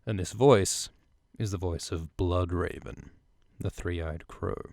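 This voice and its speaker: A man's voice: low-pitched, slow, creaky, darkish tone, dry recording, studio quality. A man hosting a podcast who recaps a fantasy book chapter in a casual, irreverent style, swearing and joking enthusiastically. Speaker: podcast host.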